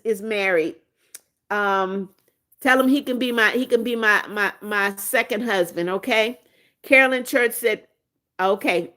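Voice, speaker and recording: A woman's voice: fairly high pitch, sharp tone. Playful woman in her seventies. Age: 70s. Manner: playful, teasing, frequent laughs. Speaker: livestream host. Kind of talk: casual livestream chat, reading viewer comments aloud.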